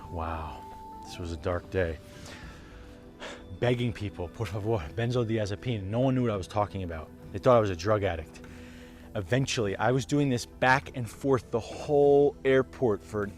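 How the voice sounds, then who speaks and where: Young male vlogger, lowish voice, blunt and emotional, hushed-to-loud storytelling, soft music underneath. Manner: raw, emotional, swearing, dips to hushed then rises loud. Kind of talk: casual storytelling to camera.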